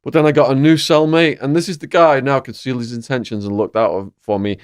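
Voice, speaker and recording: A man with an English accent, a podcast host telling his own stories in a vivid, animated way. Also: medium pitch, fast, clear, resonant tone, dry recording, studio quality. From England. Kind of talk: storytelling in a conversation.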